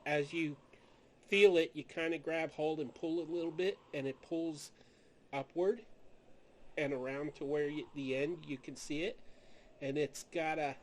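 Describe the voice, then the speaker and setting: A man narrating as game master of a tabletop game over a video call, describing things slowly with restarts. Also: fairly high pitch, steady tone. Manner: slow, halting descriptions with restarts. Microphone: home microphone on a video call.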